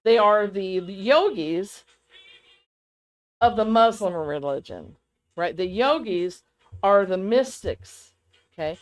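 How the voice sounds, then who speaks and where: A woman co-hosting a casual podcast chat, rambling and animated, often laughing as she talks. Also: mid-range voice, takes it slowly, long pauses, poor audio. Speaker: podcast co-host.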